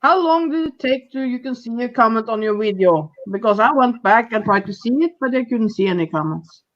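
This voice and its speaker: A woman's voice: fairly high pitch, lively intonation, fairly quick. A woman co-hosting a casual livestream, playful and teasing. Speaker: co-host. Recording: dull lo-fi sound.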